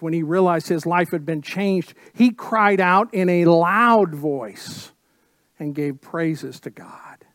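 A man preaching a sermon as pastor, emphatic and full of repeated phrases, dropping suddenly to soft tones. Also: a little high, no room sound.

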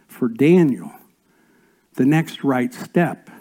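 A pastor preaching a sermon, rising to loud emphatic lines and dropping to near-whispered asides. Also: male voice, medium pitch, takes it slowly. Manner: swings between raised emphatic lines and soft whispered asides.

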